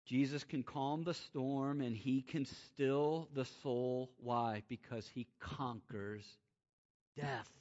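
Animated preacher man, muffled lo-fi recording. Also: mid-range voice, slow. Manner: dynamic, swings from loud rising exclamations to quiet hushed emphasis. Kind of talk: sermon. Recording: muffled lo-fi sound.

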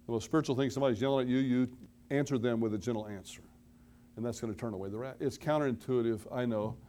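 A man's voice: medium pitch, warm tone, a little hiss or hum. A middle-aged man preaching a sermon to his congregation. He keeps it conversational, drops self-deprecating asides, and leans hard into the dramatic moments of the story. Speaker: pastor.

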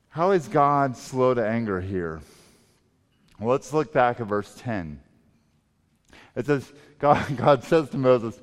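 A man preaching a sermon as pastor, emphatic and swinging between loud and soft delivery. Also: mid-range voice, animated, takes it slowly, long pauses. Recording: long reverb of a large hall.

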